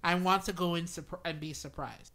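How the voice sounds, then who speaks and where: Bright-voiced joking podcast co-host, woman. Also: lowish voice, steady tone, moderate pace. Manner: joking, acts out quoted lines. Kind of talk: casual chat.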